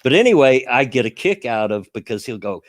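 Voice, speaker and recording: A Southern US man chatting casually on his stream, rambling and chuckling as he goes. His pitch swings lively up and down around a middling register. The sound is dry and close. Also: a little fast, dry recording. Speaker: streamer hosting a chat show. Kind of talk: casual chat.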